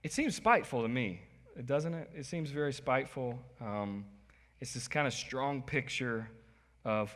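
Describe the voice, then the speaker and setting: Guy pastor preaching, bright edgy voice, goes quiet then suddenly loud, big reverby church sound. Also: mid-range voice, a little slow. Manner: animated preacher, sudden loud bursts and soft asides. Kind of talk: sermon. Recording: long hall reverb.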